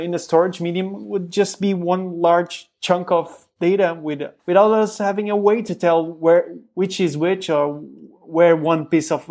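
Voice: medium pitch, darkish tone. Hesitant thirty-something podcast co-host. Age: 30s. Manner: hesitant, repeats words while thinking. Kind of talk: casual tech chat.

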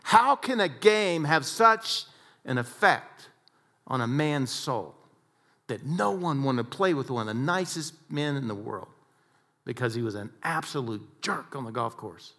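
A man giving an inspirational talk, telling stories in an animated way that swings between hushed and loud. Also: medium pitch, unhurried. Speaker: speaker.

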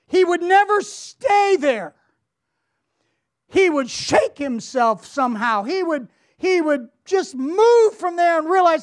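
A woman's voice: extremely high pitch, animated, takes it slowly. A woman giving a devotional Bible teaching. She is emphatic, repeats her words, asks rhetorical questions and reads scripture aloud with feeling.

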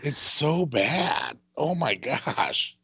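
Animated man with a lively voice. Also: medium pitch, drawn-out words, breathy edge, no echo. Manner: animated, exclaims and reacts. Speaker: podcast co-host. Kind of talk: casual wrestling watch-along chat.

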